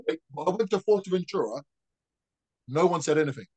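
Casting note: guy, podcast co-host, blunt and slangy, slightly high voice. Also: animated, brisk, a little mellow, rough recording. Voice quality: blunt, swears casually, slang like innit. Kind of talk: casual chat.

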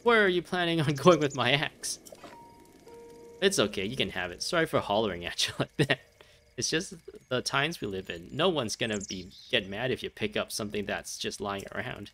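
A man's voice: mid-range voice, animated, normal speed, sharp tone, faint music behind. A man voicing an easygoing male traveler, reading the game dialogue aloud in an apologetic, offhand way.

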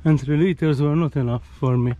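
The speaker is a man from Malta, a hiker vlogger with a Maltese accent who talks casually while filming outdoors, often adding "eh?" and becoming tired and breathless. His voice sits a little high, with a dark tone and a fairly quick pace. The recording's highs are cut off.

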